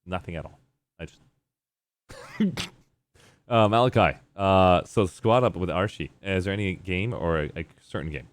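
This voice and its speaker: A man's voice: low voice, unhurried, pauses often, dry recording. A male game streamer chatting casually, reading out chat messages and rambling in response.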